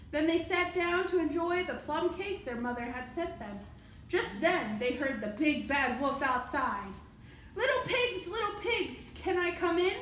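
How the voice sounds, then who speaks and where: A woman's voice: high-pitched, reverberant, a little hiss or hum, low-quality recording. Woman reading a fairy tale aloud. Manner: expressive, lively reading. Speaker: library staff reader. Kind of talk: storybook read-aloud.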